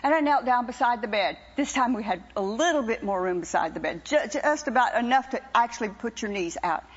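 An older woman is preaching a personal testimony to a congregation. Her voice sits high, and she keeps it animated, teasing and wry. The church recording sounds dull and lo-fi. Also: a little fast, long reverb tail. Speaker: preacher's wife giving testimony.

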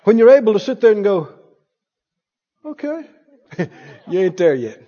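A man's voice: high voice, sing-song, fast talker, warm tone. A man preaching a sermon as pastor, with fervent, repeated declarations. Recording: dull sound in a reverberant hall.

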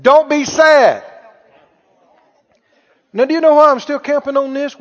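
A man's voice: very high voice, a little slow, pauses often. A man preaching a sermon, calling out to the congregation for responses. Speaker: pastor. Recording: muffled church hall recording.

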